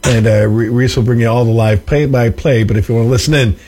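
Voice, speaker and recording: A man's voice: medium pitch, fast. A man hosting a classic rock radio show, joking casually with many fillers. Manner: jokey, lots of uh fillers, animated. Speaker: radio host. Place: radio studio.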